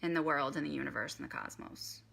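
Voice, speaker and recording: Bright-voiced woman leading a meditation lesson. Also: very deep voice, big pitch swings, quick pace, creaky, slightly rough. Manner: chatty, guides breathing and chanting. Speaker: meditation teacher. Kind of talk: live-streamed meditation lesson. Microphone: phone.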